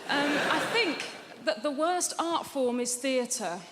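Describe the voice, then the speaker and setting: A woman comic with a high voice works through a deadpan, mock-earnest rant. The sound is echoey and carries a long hall reverb, with clear audience noise underneath. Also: slow pace. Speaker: stand-up comedian. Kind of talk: stand-up routine. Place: large theatre stage.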